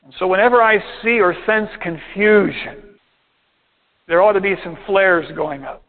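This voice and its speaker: High-voiced pastor preaching over a tinny line. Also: male voice. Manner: steady preaching, slows down to stress points. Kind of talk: sermon. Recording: tinny phone-like sound.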